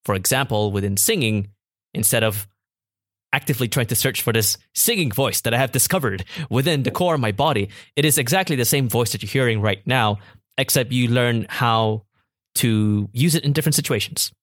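A man's voice: medium pitch, fairly quick, a bit bright, no room sound, clean studio sound. A man hosting a podcast, thinking aloud with curiosity and some hesitation as he talks with his guest. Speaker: podcast host. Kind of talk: podcast conversation.

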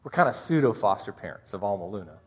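A middle-aged man preaching a Christmas sermon as pastor, heartfelt and halting, his voice catching with emotion. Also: fairly low pitch, sing-song, slightly rough. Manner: heartfelt, halting, tearful at times. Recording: dull muffled recording.

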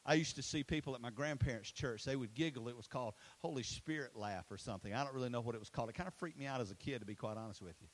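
A man preaching an energetic sermon, telling stories and chatting with the crowd, swinging from loud and animated to hushed and intimate. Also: medium pitch, rapid-fire, hardly any pauses, low-quality recording. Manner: storytelling, conversational asides to the crowd. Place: school facility used for a church launch.

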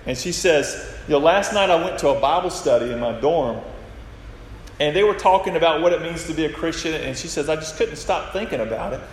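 Speaking a little fast in a slightly high, animated voice, this pastor tells stories during his sermon and performs the lines he quotes. Faint noise and echo from a hall surround him.

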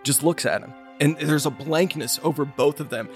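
With a voice on the high side and a moderate pace, this podcast co-host discusses a movie casually, animatedly recounting scenes and performing the lines he quotes. Soft music plays underneath.

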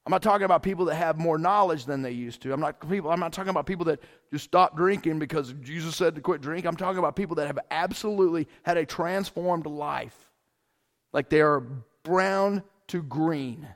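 Gravelly, high-voiced preaching man. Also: fairly quick. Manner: excited, preaching with big swells in pitch and volume. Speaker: pastor. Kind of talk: sermon.

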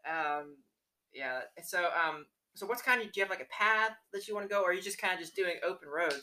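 A young man hosting a casual podcast interview, chatty and rambling, quick to laugh. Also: sits high, expressive, bright, forceful tone, a little hiss or hum, rough recording. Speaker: podcast host at a local newspaper.

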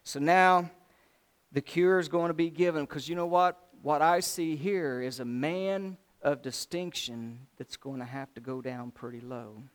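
A man preaching a sermon, telling the story in a folksy, animated way with voiced asides. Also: a little high, measured pace, clean tone.

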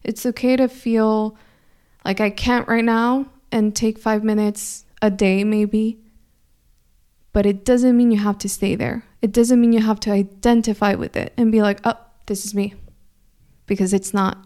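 A young adult woman, a coach hosting a weekly inspirational talk, speaking in a gentle, encouraging, reflective way. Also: medium pitch, flat delivery, measured pace, clean tone. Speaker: spiritual coach host.

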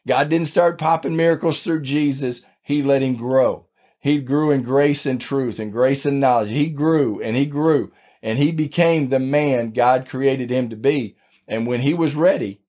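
A man talks through scripture like a friendly podcast host, folksy and plainspoken. His voice sits at an ordinary middle pitch, and his tone stays conversational and encouraging as he teaches and prays. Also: a little mellow. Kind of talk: casual devotional teaching and prayer.

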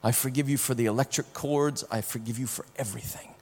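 A man's voice: medium pitch, fairly even intonation, fast, husky. Man preaching in a reverberant hall. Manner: emotional storytelling, swings from hushed to loud; repeats words when starting sentences. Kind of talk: sermon with personal testimony.

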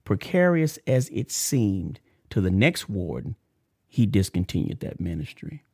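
A man hosting a faith podcast, mixing lively shout-outs with preacher-style reading of a testimony. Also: fairly low pitch, measured pace, husky, dry recording, studio quality. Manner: animated, emotional, shout-outs and laughs; preacher-like cadence. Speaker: podcast host. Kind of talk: casual preaching and reading a letter.

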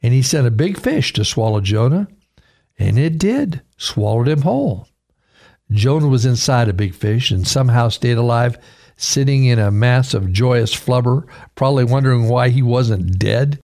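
Man, radio pastor, gravelly voice, earnest preaching, scripture reading. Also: medium pitch, lively intonation, normal speed, a little mellow. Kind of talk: radio sermon.

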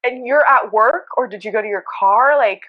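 A woman hosting a casual chat, animated and acting out quoted dialogue. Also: fairly high pitch, normal speed, dry recording, phone-quality sound. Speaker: podcast host.

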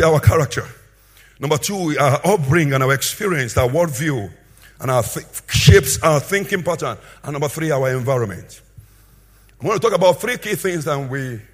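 A man preaching a sermon with a husky voice, swinging between loud emphatic bursts and quieter asides. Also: a little high.

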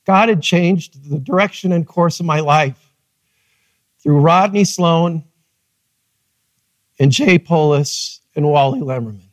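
Pastor guy, pretty high voice, dry close sound, acts out the quotes in his story. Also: takes it slowly, pauses often, no room sound. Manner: animated storytelling, acting out quotes. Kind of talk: sermon. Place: church.

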